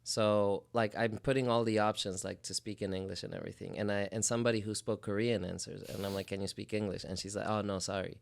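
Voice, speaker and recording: A man's voice: lowish voice, fairly even intonation, fast talker, gravelly, hardly any pauses. A man co-hosting a casual podcast, telling loose anecdotes with laughter and swearing. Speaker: podcast co-host. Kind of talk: casual chat.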